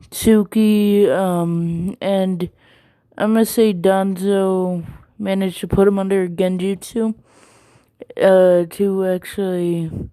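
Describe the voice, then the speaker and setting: A woman's voice: medium pitch, mellow, clear, resonant tone, no echo. A woman casually retelling a fan story, rambling with many ums and likes.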